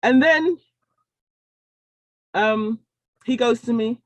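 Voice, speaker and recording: A woman giving a personal testimony talk, telling her story with animated storytelling and acting out the dialogue. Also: on the high side, normal speed, no echo, rough recording. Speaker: speaker sharing a personal story.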